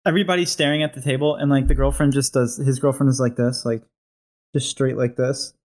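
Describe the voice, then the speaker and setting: A man talks over his comedy sketch in relaxed, casual chat. He is agreeable and hedges with filler words. His voice sits at an average pitch. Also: fairly quick. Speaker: comedy writer.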